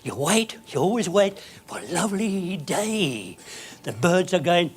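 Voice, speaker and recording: A man's voice: high-pitched, sing-song, measured pace, slightly rough. A man giving a theatrical motivational keynote, emphatic and dropping at times to a whisper. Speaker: keynote speaker. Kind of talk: motivational speech.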